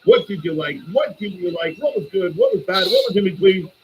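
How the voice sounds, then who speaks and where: A man hosting a live stream and reviewing a wrestling show, casual, opinionated and profane, with bursts of excited ranting. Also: brisk, lo-fi sound, background noise. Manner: animated, swings up into high excited bursts while ranting.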